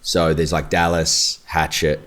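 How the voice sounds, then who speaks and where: Deep-voiced Australian man. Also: level tone, measured pace, a bit bright. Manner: explains at length, trailing off and restarting. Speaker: guest actor. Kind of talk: casual chat.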